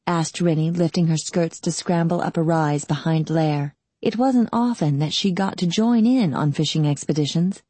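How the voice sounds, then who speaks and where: A woman narrating an audiobook in a calm, steady storytelling manner. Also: fairly low pitch, slightly rough, no room sound. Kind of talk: scripted narration.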